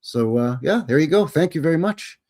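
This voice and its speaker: A man's voice: on the high side, lively intonation, a little fast, a little mellow. A man hosting a live show, chatting casually and greeting viewers by name. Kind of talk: casual livestream chat.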